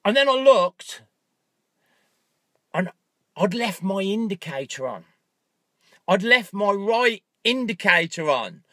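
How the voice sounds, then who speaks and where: Male vlogger in his car, high bright voice, dry close mic, lively storyteller who bursts into loud acted-out anger. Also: slow, long pauses, no echo. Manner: animated storyteller, acts out his own angry thoughts with loud outbursts and swearing. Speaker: motivational vlogger. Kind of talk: casual vlog, talking to camera. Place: inside a parked car. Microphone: handheld phone camera.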